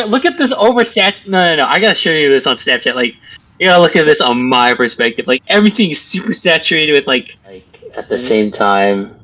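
A man's voice: medium pitch, fairly bright tone, a little hiss or hum, poor audio. A young man giving casual gameplay commentary, confused and exasperated, swearing often. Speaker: gamer.

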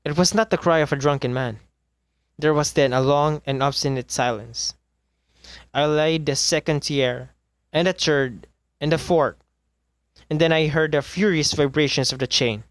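A man reading a classic short story aloud at a measured pace, now and then stumbling and correcting himself. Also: on the high side, no echo. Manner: measured, with occasional misreadings and self-corrections. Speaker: reader.

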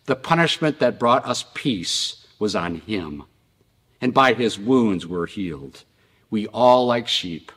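A low-voiced male pastor delivering a slow, impassioned sermon. He swings between loud outbursts and hushed passages, and his voice is slightly husky. It rings out with the long reverb of a large church hall. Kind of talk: sermon and prayer. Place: church sanctuary.

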